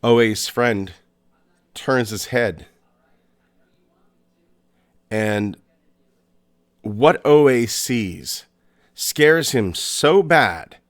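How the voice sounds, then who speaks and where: Slow, suspenseful male storyteller. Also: medium pitch. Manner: slow, suspenseful, with pauses and restarts. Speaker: podcast host. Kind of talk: storytelling narration.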